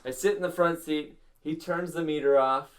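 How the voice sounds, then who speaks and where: A man's voice: on the high side, fairly even intonation, normal speed, a little hiss or hum. A man from Canada, tipsy, telling a rambling, profane story on a podcast among friends. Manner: rambling, swearing, laughing mid-story. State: drunk. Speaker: podcast co-host.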